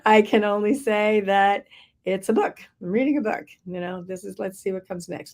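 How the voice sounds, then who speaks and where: A woman's voice: fairly low pitch, a little mellow. A woman leading a workshop, talking casually from her office with frequent laughs, fillers and restarts. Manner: chatty, laughs often, many fillers and restarts. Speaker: workshop leader. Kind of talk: casual spoken update to a group. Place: her office with big windows.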